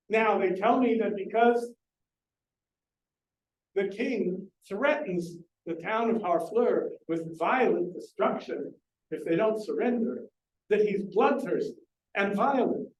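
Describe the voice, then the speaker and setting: A man's voice: high voice, darkish tone, a little hiss or hum. A man giving a public lecture on literature in a library, explaining earnestly and putting questions to his audience. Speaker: lecturer on Shakespeare. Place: library meeting room. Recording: echoey room, distant mic.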